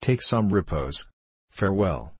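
A man's voice: deep voice, lively intonation, measured pace, slightly rough, no room sound, exaggerated voice. A man reading as a cold, haughty queen. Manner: haughty and dismissive. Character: proud cold young queen.

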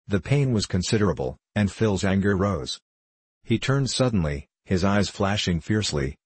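A man narrates a storybook chapter in a very low, husky voice. The recording is dry and close, with no room sound. He reads the characters' lines evenly, without putting on voices. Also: no room sound. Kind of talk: audiobook narration.

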